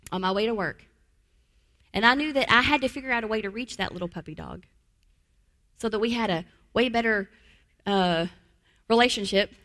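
A woman teaches trauma-informed care in a middle-pitched voice. She repeats key phrases for emphasis and often lowers into a calm, gentle tone to show how to soothe a child. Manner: drops to a calm, soft voice to model soothing words. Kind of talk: teaching talk.

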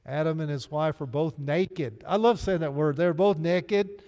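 Faint music and long hall reverb surround a fairly high-pitched, warm male voice at normal speed. He's a Southern-accented pastor from Arkansas, preaching earnestly and directly to his congregation in a church sanctuary.

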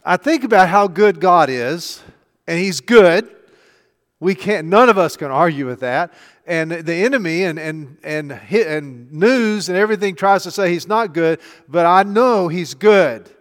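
An older man, a pastor, preaching a chatty sermon full of rhetorical questions. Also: high voice. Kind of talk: conversational sermon. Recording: long hall reverb.

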